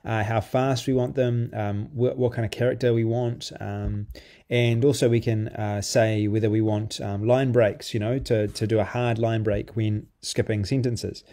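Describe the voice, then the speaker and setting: A man giving a loose, conversational walkthrough of a piece of software, full of ums and restarts as he clicks along. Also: fairly low pitch, flat delivery, normal speed. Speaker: software reviewer. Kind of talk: casual screen-recorded software walkthrough.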